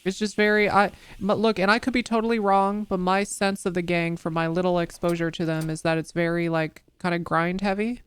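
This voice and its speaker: A woman's voice: fairly low pitch, fairly even intonation, fairly quick, few pauses, smooth. A woman streamer chatting casually while she plays, rambling and swearing with lots of fillers. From United States. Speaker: streamer playing a role-play game. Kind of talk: casual gaming chat.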